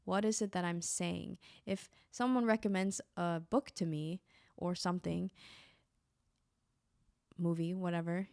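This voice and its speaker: A woman speaks casually into the mic from her apartment, rambling through self-help advice and restarting her thoughts often. Her voice has a gravelly fry to it. The sound is dry and close, with almost no room echo. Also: on the low side, lively intonation, fairly quick, a little mellow. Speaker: podcast host.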